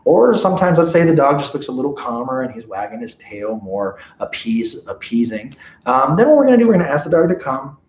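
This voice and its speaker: Animated man teaching dog training. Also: mid-range voice, brisk. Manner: animated, checks in often with okay and right. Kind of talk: live training seminar. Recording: roomy, dull lo-fi sound.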